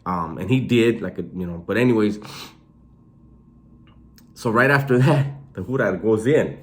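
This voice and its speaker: A man casually telling stories about prison life in a slangy, animated way, swearing freely. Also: lowish voice, moderate pace. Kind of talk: casual storytelling.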